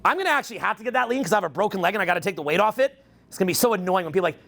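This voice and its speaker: A man in his forties holding forth at a live event, his voice pitched high with a gravelly edge. He talks in wild swoops, crude and joking, sliding into mock voices and bursting into shouts. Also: animated, very fast. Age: 40s. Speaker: dating coach speaking to a live audience. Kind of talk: rambling stage talk. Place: event hall with an audience.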